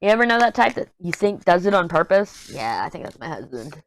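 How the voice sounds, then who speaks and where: A woman's voice: lowish voice, very animated, fairly quick, a little hiss or hum. A middle-aged woman vlogger chatting casually and bluntly over a headset mic while she crafts, telling candid stories with lots of asides. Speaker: diamond painting vlogger.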